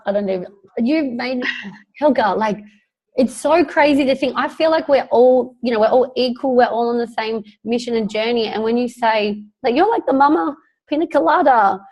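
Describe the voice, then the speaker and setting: A woman leading a video call, chatty and gushing with excitement. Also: on the high side. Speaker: team leader hosting a video call. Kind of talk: casual video call chat.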